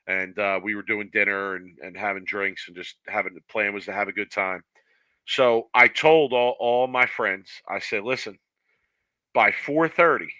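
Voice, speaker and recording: A man's voice: fairly low pitch, pushed and bright, no room sound, rough recording. A man co-hosting a bowling podcast, telling a long story in casual chat and acting out the voices he quotes. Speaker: podcast co-host.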